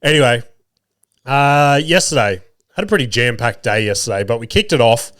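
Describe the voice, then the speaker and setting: With lively intonation and a slightly bright, medium-pitched voice, an Australian man in his thirties talks at a moderate pace on his podcast. He laughs at his kids while telling crude, sweary stories about them, all in clean studio sound with no room sound.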